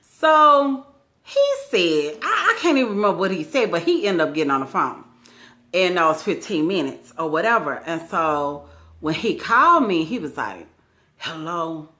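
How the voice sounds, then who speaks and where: A woman's voice: on the low side, brisk. A woman vlogger telling a personal story in a casual, slangy way, often quoting the people involved. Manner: animated, slangy retelling with acted quotes.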